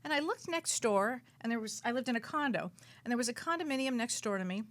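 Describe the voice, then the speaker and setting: Radio talk guest: woman medium, somewhat high voice, dramatic, repeats herself for emphasis. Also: fast talker. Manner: animated, dramatic storytelling with big swings in pitch and loudness; repeats words for emphasis and restarts sentences. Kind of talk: radio talk show storytelling.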